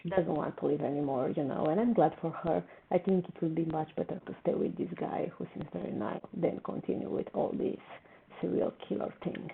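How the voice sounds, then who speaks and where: Woman doing tv reaction commentary, low gravelly voice, tinny phone-ish sound. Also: fairly even intonation, a little fast, a little hiss or hum. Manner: emotional, exclaims and repeats words when upset. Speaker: reaction video host.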